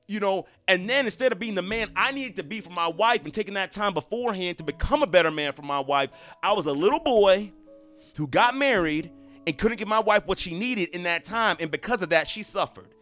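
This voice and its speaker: A man's voice: high-pitched, lively intonation, fairly quick, a bit bright, soft background music. A man giving earnest, emphatic relationship advice straight to camera, repeating himself for stress. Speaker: relationship coach. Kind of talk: motivational talk to camera.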